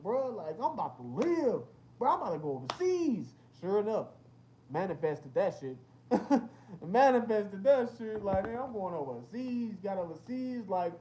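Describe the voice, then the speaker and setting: Animated young man telling stories. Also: sits high, a little hiss or hum. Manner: animated storytelling with lots of slang and cursing. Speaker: rapper hosting a livestream. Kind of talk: casual livestream chat reading comments.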